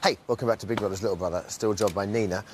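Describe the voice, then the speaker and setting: A man's voice: on the low side, fairly even intonation, very fast, noisy background. A man hosting a chat show, chatty, eager and teasing with his guests. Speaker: host.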